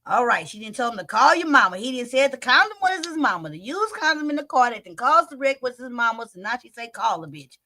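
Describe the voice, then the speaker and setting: A woman's voice: fairly high pitch, sing-song, fast talker, few pauses, bright, forceful tone, no room sound. A woman hosting a reaction stream, chatting animatedly and reading out viewer comments. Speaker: host reacting to a storytime video. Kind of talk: casual reaction chat.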